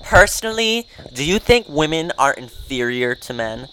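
A man's voice: a little high, big pitch swings, moderate pace, background noise. A man hosting a casual chat, rambling and hedging with many fillers and laughing at himself. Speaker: host.

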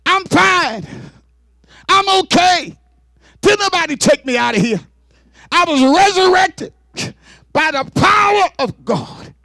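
The risen Jesus, as a preacher acts him out speaks in a raised, comforting tone that swoops widely. He reassures with warm exclamations, unhurried, in a dry, close room. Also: very high voice, expressive, creaky, no echo, pitched above the performer's own voice, full character voice. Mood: reassuring. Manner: soothing, exclaiming.

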